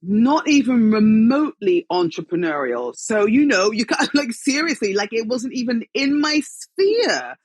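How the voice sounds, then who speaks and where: A British woman, a guest actress, chatting in an interview and telling lively stories with frequent laughter. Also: fairly high pitch, unhurried, hardly any pauses, slightly rough, dry recording. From Britain. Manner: lively storyteller, laughs often. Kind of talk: casual interview chat.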